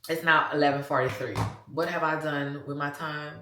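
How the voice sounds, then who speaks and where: A woman's voice: deep voice, fairly even intonation, moderate pace, roomy sound, noisy background. A woman in her forties with a Louisiana accent, chatting casually to her viewers in a vlog and calling them "y'all". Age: 40s. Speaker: vlogger.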